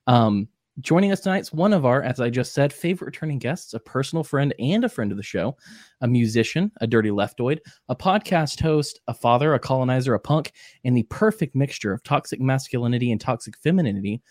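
A man's voice: mid-range voice, lively intonation, a little fast, a little mellow, dry recording. Joking male podcast host, dry sound. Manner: joking, eats spicy jerky while talking. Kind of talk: casual chat.

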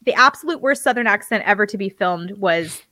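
A woman's voice: mid-range voice, animated, fairly quick, pushed and bright, no room sound. Chatty woman with a dry close sound. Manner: chatty, laughs while talking, playful asides. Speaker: co-host. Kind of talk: casual podcast chat.

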